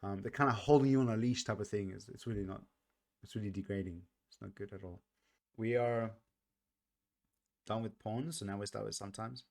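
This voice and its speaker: A man talking casually through a song's meaning, earnest and reflective, often pausing and restarting his sentences. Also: lowish voice, creaky. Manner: earnest, reflective, soft-spoken. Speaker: music reaction vlogger. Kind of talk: casual song commentary.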